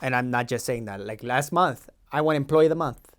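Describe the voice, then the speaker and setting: A man's voice: medium pitch, fairly quick, a bit bright, close to an everyday voice. A man in his twenties playing a defensive, boastful young Mexican-American immigration agent with a Los Angeles valley accent, talking in a rambling, slangy way in an improvised comedy sketch. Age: 20s. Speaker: podcast co-host.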